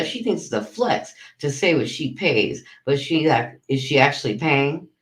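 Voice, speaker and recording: A streamer rants hard and swears freely at people he calls out, with sudden jumps up in pitch when he gets worked up. His voice sits at a middling pitch. The room around him rings with echo. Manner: profane, heated, talks to chat. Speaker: livestream commentator. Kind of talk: ranting livestream commentary. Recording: roomy echo.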